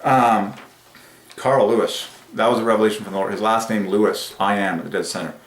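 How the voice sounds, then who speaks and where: A man hosting a religious numerology channel, speaking in an excited monologue that swings between rapturous bursts and quiet musing. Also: lowish voice, brisk, reverberant.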